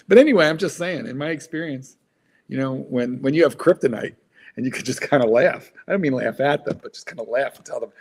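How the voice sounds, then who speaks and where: A man's voice: mid-range voice, lively intonation, moderate pace, gravelly, breathy edge. A man hosting a livestream, a playful, teasing storyteller in casual chat. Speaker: host.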